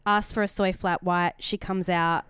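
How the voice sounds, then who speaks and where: A young Australian woman tells stories in casual podcast chat, slipping in "like" and "um" and acting out what people said. Her voice sits a little low and sounds very clear. It is recorded close and dry. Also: moderate pace, dry recording. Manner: chatty, animated storytelling with acted-out quotes; frequent "like" and "um" fillers. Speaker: podcast co-host.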